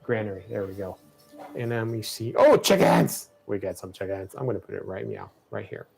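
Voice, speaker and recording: A man casually co-hosting a livestream, playfully and excitably talking through a strategy game. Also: lowish voice, normal speed, gravelly, husky, soft background music.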